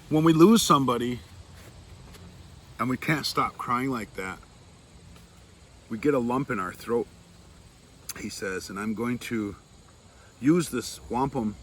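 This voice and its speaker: A man telling a traditional story slowly, with long pauses, voicing the dialogue of its characters himself. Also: on the low side, a little hiss or hum, low-quality recording. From Seneca territory. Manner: slow, pausing, retells dialogue in quotes. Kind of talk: oral storytelling.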